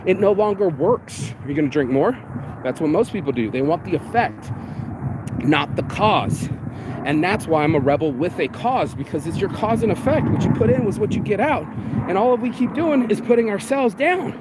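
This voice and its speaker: A man's voice: high voice, animated, moderate pace. A man giving a blunt, profane, emotional motivational monologue outdoors in the rain. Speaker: vlogger. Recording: noisy outdoor street recording. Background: rain and passing traffic.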